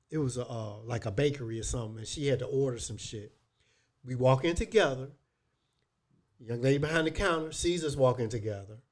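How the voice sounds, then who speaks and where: A man co-hosting a casual podcast. He tells stories in an animated, profane way. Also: mid-range voice. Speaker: podcast co-host. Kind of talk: casual chat, storytelling.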